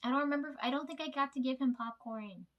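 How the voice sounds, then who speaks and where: A woman in her late twenties chats her way through a long storytime, wandering off track and cursing freely. Her voice sits a touch high, and she talks in the loose, unscripted way of a vlogger catching up with viewers. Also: quick pace, dull audio. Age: late 20s. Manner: rambling, sidetracked, swears freely. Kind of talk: casual storytime chat.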